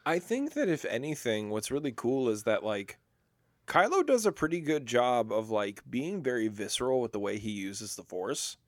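A young man co-hosting a casual podcast chat, playful and quick to slip into silly voices. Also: mid-range voice, big pitch swings, no room sound, studio quality. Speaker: podcast co-host.

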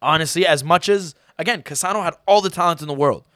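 Young guy podcast cohost, kinda high voice, dry close mic, rambly and sweary. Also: quick pace, dry recording. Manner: animated, swears freely, rambling restarts. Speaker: podcast co-host. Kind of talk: casual football chat.

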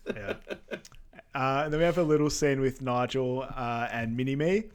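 A man in a casual podcast chat, calmly walking through a film's scenes with a mid-pitched voice. His talk is loose and easygoing, full of ums and uhs. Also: normal speed, smooth. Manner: easygoing, many ums and uhs, quietly quotes lines. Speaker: podcast co-host. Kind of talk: casual film recap chat.

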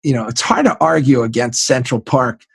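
A man in his sixties with a gravelly, husky voice spins lively stories for an interviewer. He slips into the voices of the people he quotes, and his recording is close and dry with no room sound. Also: medium pitch, moderate pace, no room sound. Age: 60s. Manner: animated anecdotes, acts out quoted voices, laughs often. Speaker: sports executive guest. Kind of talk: casual storytelling interview.

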